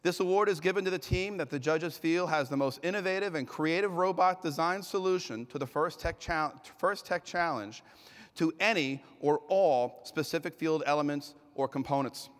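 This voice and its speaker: A man emceeing an award ceremony on stage, announcing loudly and energetically, with the occasional slip and self-correction, heard through an echoing arena sound system. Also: fairly high pitch, normal speed.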